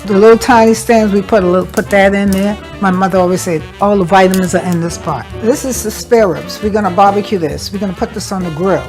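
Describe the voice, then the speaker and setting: A homely woman from South Carolina, USA, a caterer and cookbook author, chats casually while cooking at an outdoor barbecue in a family yard, explaining as she demonstrates. Her medium-pitched voice is quick with hardly any pauses, heard over music.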